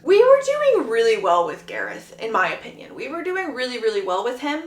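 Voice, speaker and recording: A woman recapping a book plot in a chatty, animated, gossipy way. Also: on the high side, brisk, hardly any pauses. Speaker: book reviewer. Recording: echoey room.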